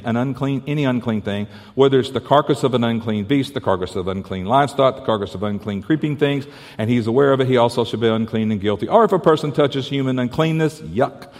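Pastor guy preaching, tells a story, stumbles on words, cracks little jokes, big echoey hall. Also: medium pitch. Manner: storytelling, stammering restarts, playful asides. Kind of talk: sermon. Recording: hall reverb.

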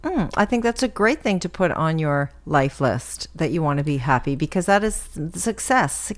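A woman's voice: low-pitched, expressive, moderate pace. A middle-aged woman co-hosting a casual chat with her daughter, encouraging and enthusiastic. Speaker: co-host, mother.

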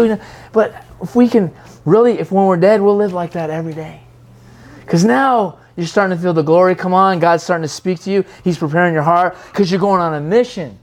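A preacher giving a sermon in an animated, rambling way, acting out quoted voices with frequent restarts. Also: medium pitch, brisk.

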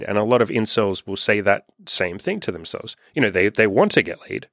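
A man's voice: lowish voice, expressive, fairly quick, few pauses, a bit bright, dry recording, clean studio sound. A man, a life coach, talking in a casual self-help monologue, frank and profane, acting out his own inner questions.

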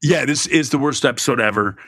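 A man's voice: mid-range voice, a little fast, bright, forceful tone, no room sound, clean studio sound. A middle-aged man co-hosting a podcast in casual, rambling, self-deprecating chat. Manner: rambling, self-deprecating, breaks into silly put-on accents. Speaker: podcast co-host.

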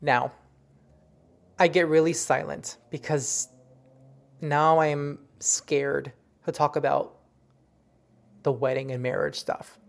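Earnest, halting storyteller recounting a psychic reading. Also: medium pitch, level tone, vocal fry. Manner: earnest, halting, with many restarts; softly emotional. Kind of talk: personal storytelling.

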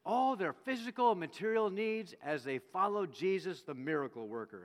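A man preaching a sermon, telling the story with animated delivery and acting out the quoted voices. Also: high-pitched, moderate pace, hardly any pauses. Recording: long reverb of a hall.

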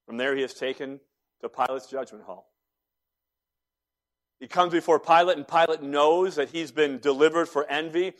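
A man preaching a sermon, retelling events dramatically and voicing each character, moving between loud emphasis and hushed lines. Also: a little high, normal speed. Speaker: pastor.

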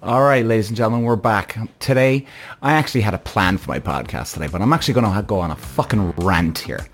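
A podcast host in a casual ranting monologue, exasperated, swearing freely and rambling through a story. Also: male voice, medium pitch.

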